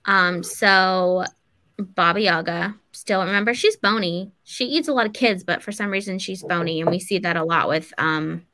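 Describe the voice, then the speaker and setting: A woman's voice: on the low side, moderate pace, bright, forceful tone. A woman podcast co-host retelling a folk tale casually, rambling with "like" and "um" and swearing. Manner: rambling, loose, swears, lots of likes and ums. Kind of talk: casual storytelling chat.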